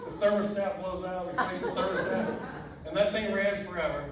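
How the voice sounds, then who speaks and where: A man telling laughing, animated stories about a friend at a memorial reception in a church hall. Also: high-pitched, a little fast. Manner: animated storyteller, laughing often, acting out quotes. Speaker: funeral reception speaker. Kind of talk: storytelling at a memorial gathering. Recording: very echoey, distant, noisy room.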